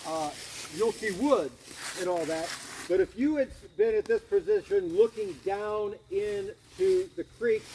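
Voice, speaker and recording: High-voiced man guiding an outdoor tour. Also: dark tone, a little hiss or hum, rough recording. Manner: casual, chuckling storyteller, many restarts. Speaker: battlefield tour guide. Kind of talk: outdoor guided tour talk. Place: outdoors at a historic battlefield.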